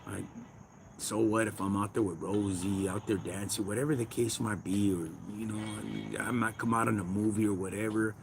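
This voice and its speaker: A man's voice: lowish voice, fairly even intonation, normal speed, vocal fry, noisy background. A man with a Chicano accent hosting a casual livestream, ranting in street slang and talking back to his chat. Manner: slangy, preachy, talks to chat. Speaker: livestream host. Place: backyard.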